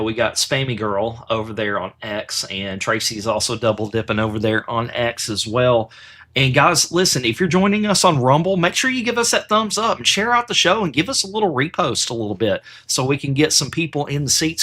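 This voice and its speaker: Upbeat man, bright voice. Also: mid-range voice. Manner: upbeat, energetic, promotional. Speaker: guest. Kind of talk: casual livestream chat.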